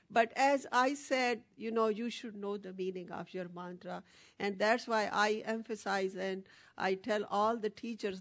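A woman teaching meditation to a small group, explaining with many fillers and restarts. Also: medium pitch. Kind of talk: lecture with audience questions.

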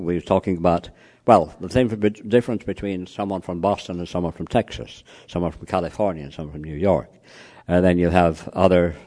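This man's voice is deep and mellow. Lecturing to a live crowd about communicating across cultures, he shares anecdotes, poses questions to listeners, and keeps dropping "you know" as a filler.

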